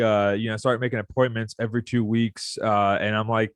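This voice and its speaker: A man's voice: on the low side, little pitch movement, brisk, no room sound. Laid-back young man, laughing easily. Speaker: podcast co-host. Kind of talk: casual chat.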